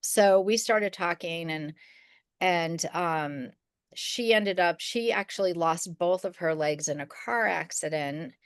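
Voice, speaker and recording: A woman's voice: on the low side, takes it slowly, clear, resonant tone, no echo, clean studio sound. A middle-aged woman co-hosting a podcast, telling a personal story in a rambling, casual way with restarts and quoted voices. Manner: rambling, with many restarts and fillers; acts out the people she quotes. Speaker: podcast co-host.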